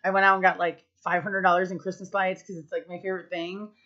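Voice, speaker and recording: A bright, forceful-sounding woman in her thirties rambles through family stories to camera, swearing casually and leaning on "like" and "um." The recording is a bit dull and lo-fi. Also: lowish voice, flat delivery, quick pace. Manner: chatty, profane, full of fillers. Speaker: vlogger. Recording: slightly muffled lo-fi recording.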